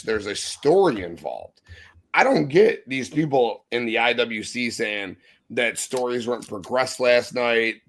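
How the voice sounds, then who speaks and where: A man co-hosting a podcast, delivering a heated, profane wrestling review rant. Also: mid-range voice. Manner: profane, impassioned, ranting. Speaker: podcast co-host.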